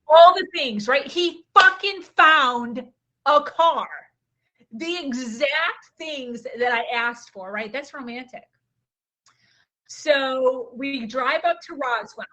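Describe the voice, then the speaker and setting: Candid, chatty woman telling a story. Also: a little high. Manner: lively, candid, quick asides and filler words. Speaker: podcast guest, life coach. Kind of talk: casual anecdotal storytelling.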